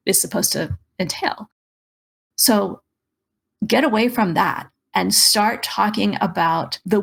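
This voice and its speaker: A woman's voice: medium pitch, vocal fry, husky. A woman career coach giving emphatic, persuasive advice in a podcast interview. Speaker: career coach and resume writer.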